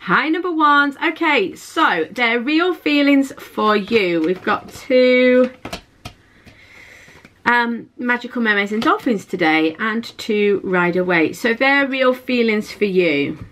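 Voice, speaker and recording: A woman's voice: on the high side, lively intonation, takes it slowly, a bit bright. A woman giving a chatty, intuitive tarot reading to her viewers, often repeating and restarting her phrases. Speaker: tarot reader.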